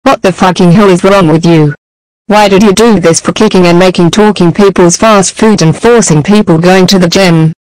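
A woman's voice: fairly low pitch, moderate pace, dry recording, rough recording. A text-to-speech woman voice delivering an angry scolding as a mother in a fan animation. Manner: shouting scolding, broken grammar.

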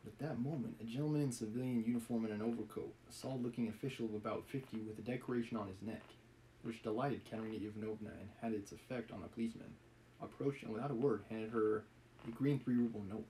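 A man's voice: lowish voice, fairly even intonation, fast talker, mellow, slight background noise, low-quality recording. A man reading a novel aloud on a live stream, mixing the text with wry, chuckling asides.

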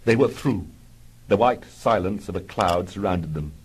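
A man narrating a mock-heroic comic adventure in a dry, deadpan storytelling style. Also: low voice, measured pace, breathy edge, rough recording.

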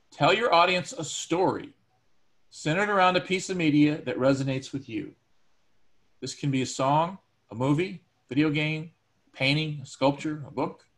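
A man's voice: on the high side, fairly bright tone. A male teacher giving a recorded lecture to his students, talking conversationally with everyday examples and frequent ums and uhs.

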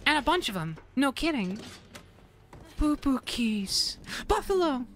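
Female streamer, jumpy and foul-mouthed, high bright voice, unhurried delivery with wild pitch swings. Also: big pitch swings, slight background noise. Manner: jumpy, swears a lot, yells and laughs when startled. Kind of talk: live let's-play commentary.

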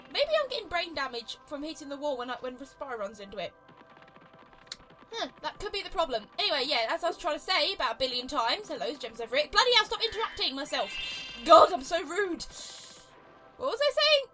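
A woman's voice: sits high, sing-song, fairly quick, bright, forceful tone, soft background music, rough recording. A young British woman hosting a let's play, chatty and giggly, rambling through casual gameplay commentary. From Britain.

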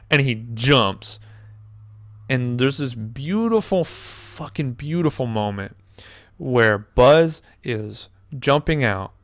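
A man in his twenties telling a story in casual chat, animated, swearing often and acting out quotes. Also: mid-range voice, takes it slowly, no room sound. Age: 20s. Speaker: podcast co-host.

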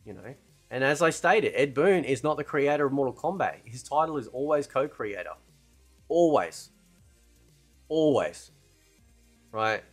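A man's voice: medium pitch, lively intonation, a little fast, slightly rough, faint music behind. A man giving casual, rambling opinion commentary as a gaming channel host, often tagging "right?" and "man" onto his sentences.

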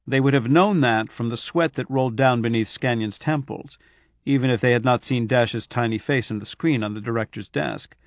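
A man's voice: mid-range voice, normal speed, dry recording. Man narrating an audiobook, dry and muffled. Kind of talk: scripted narration.

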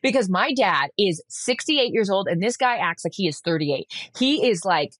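A woman in her thirties hosting a casual podcast, spinning long stories and slipping into the voices of the people in them. Her pitch sits in the middle for a woman. The sound is close and dry, with no room echo. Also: animated, moderate pace, fairly bright tone. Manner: chatty storytelling, acting out quoted voices. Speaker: podcast co-host. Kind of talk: casual chat.

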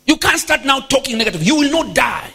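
A man's voice: extremely high pitch, big pitch swings, brisk, vocal fry, bright, forceful tone, husky, pitched above the performer's own voice, full character voice. A man preaching voices the apostle Peter, a brash man insistently lecturing his master. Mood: bossy.

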